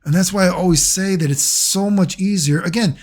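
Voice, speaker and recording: A man's voice: sits high, brisk. A man speaking as a gaming YouTuber in casual commentary, rambling and sarcastic, swearing freely.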